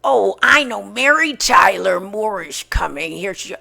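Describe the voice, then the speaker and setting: A woman impersonating a gushing older Broadway star with a raspy, breathy voice. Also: medium pitch, lively intonation, measured pace, bright, forceful tone, soft background music, full character voice. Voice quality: raspy, gravelly.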